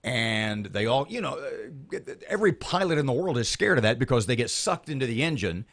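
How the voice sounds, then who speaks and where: A man's voice: medium pitch, very animated, brisk, fairly bright tone. A male morning radio host, telling a rambling story in casual chat on air. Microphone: studio microphone.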